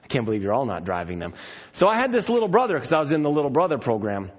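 A man's voice: mid-range voice, sing-song, rapid-fire, breathy edge, muffled recording. A man preaching a sermon, telling stories with playful asides.

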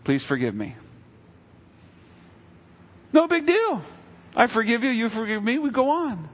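A man's voice: extremely high pitch, expressive, normal speed, dull audio. A middle-aged man preaching a sermon as a pastor, in a conversational way, and acting out little quotes as he goes.

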